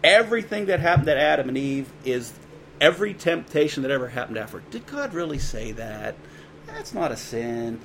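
A man's voice: fairly high pitch, very animated, a bit bright, slight background noise. Man preaching a casual sermon. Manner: conversational preaching, quick asides, dramatic quoted voices. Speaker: pastor.

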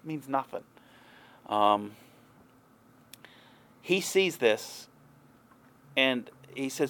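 A man's voice: medium pitch, lively intonation, extremely slow, long pauses, a bit bright. A man preaching a sermon in an earnest, conversational way, with folksy asides. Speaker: pastor.

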